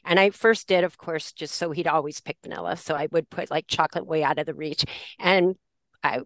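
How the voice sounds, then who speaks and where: A woman's voice: deep voice, brisk, fairly bright tone, no echo. A woman teacher telling a classroom story in a podcast conversation, acting out the lines she quotes and laughing often. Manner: laughs often while talking. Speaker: special education teacher.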